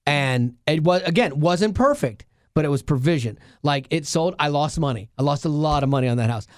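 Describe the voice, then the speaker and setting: A man's voice: a little high, lively intonation, a little fast, no echo, clean studio sound. A man co-hosting a casual podcast, telling a personal story earnestly, with many restarts and asides. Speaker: radio show co-host.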